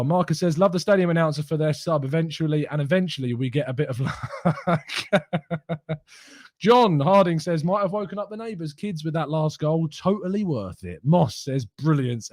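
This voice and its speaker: Brief: young male stream host, giddy, mocking, quick to laugh, a touch high, dry close mic. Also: darkish tone, dry recording. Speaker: fan channel host reading live chat. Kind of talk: excited live stream chat.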